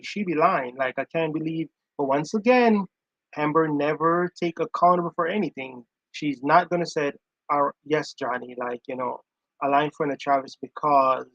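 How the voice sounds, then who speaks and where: On a live stream, a man with a slightly high, fairly bright voice, in a dry and muffled recording, reacts to audio he plays. His commentary is casual, emphatic and chatty, and he keeps repeating his points.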